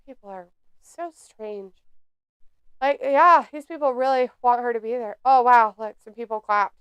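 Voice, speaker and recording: A woman's voice: fairly high pitch, measured pace, pauses often, clear, resonant tone, no echo. A woman hosting a live watch-along stream, reading chat aloud in a snarky, sarcastic way.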